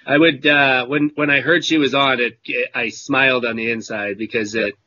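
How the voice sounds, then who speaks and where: A man's voice: mid-range voice, steady tone, normal speed, bright, forceful tone, lo-fi sound. A man telling a story in casual chat on a video call, rambling and correcting himself as he talks. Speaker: whisky club member.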